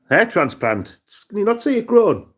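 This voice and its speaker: A man's voice: high voice, very animated, moderate pace, a bit bright. A man with a Cumbrian accent chatting casually and rambling on a live stream, often calling people "mate". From Cumbria, England. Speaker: livestreamer.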